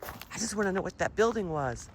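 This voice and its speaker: A woman's voice: mid-range voice, lively intonation, fairly quick. A woman vlogging a paranormal walk outdoors, questioning spirits aloud and talking to her viewers. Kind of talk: casual ghost-hunting vlog. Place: outdoors, sunny rural grounds. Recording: outdoor recording with background noise.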